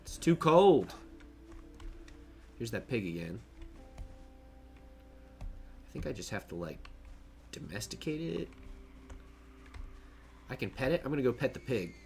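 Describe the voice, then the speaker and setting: A man's voice: mid-range voice, very animated, unhurried, gravelly, long pauses, a little mellow, faint music behind. A man casually narrating his own gameplay on a stream, chatty, joking and laughing to himself as he plays.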